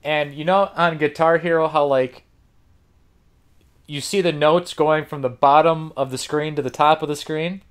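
A man's voice: fairly high pitch, steady tone, normal speed, smooth. A man hosting a podcast, telling a rambling, profane story with frequent laughs. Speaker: podcast host.

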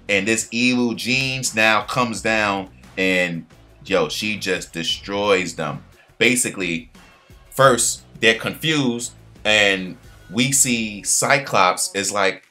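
Lively man recapping a cartoon episode, bright voice. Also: fairly low pitch, takes it slowly, soft background music. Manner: animated retelling with slang, acts out quoted lines in a raised voice. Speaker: pop culture commentator.

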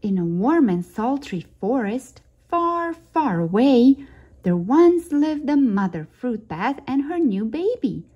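A woman hosting a storytime channel, reading a children's picture book aloud in a gentle, expressive way. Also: high voice, slow pace, slightly rough, highs cut off. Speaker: storytime host.

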